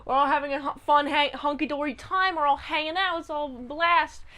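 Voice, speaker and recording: A woman voicing a greedy, brash male gangster who has died, talking loud and impatient. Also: high-pitched, unhurried, clear, resonant tone. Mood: gleeful.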